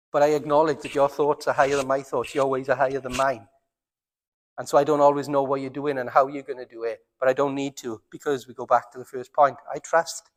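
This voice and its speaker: A man with a Welsh accent preaching a sermon as pastor, earnest, slowing down and dropping his voice for emphasis. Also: medium pitch, level tone, long reverb tail. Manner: earnest, slows down and drops to near silence for emphasis. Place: church.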